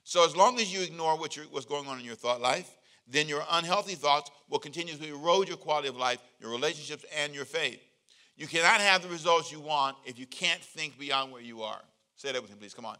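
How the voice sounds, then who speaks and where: A male pastor giving a conversational sermon, joking and animated, leading the congregation in call-and-response. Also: a little high, brisk.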